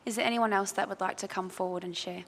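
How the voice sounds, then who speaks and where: An Australian woman leads a funeral service and reads a eulogy aloud, soft and measured. Her voice rings out in a chapel with a long reverb. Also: mid-range voice, fairly even intonation, slight background noise. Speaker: funeral celebrant. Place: crematorium chapel.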